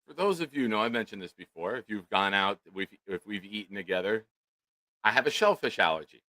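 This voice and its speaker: A middle-aged man, a co-host telling a profane, comedic story in loud, animated rants. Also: fairly low pitch, fairly quick, dry recording, low-quality recording. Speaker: podcast co-host.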